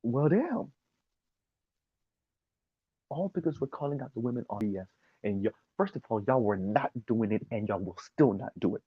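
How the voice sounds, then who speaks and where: Man, husky voice, emphatic sarcastic commentary, dull dry lo-fi recording. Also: medium pitch, animated, normal speed, long pauses, no echo. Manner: emphatic, sarcastic, laughs at his own points. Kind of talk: opinion commentary monologue.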